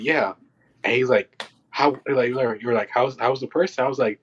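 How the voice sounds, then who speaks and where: Speaking quickly in a mid-range voice with a breathy edge, a man from film crews tells casual set stories on a podcast, acting out what people said and how they reacted. The audio has a dull lo-fi quality.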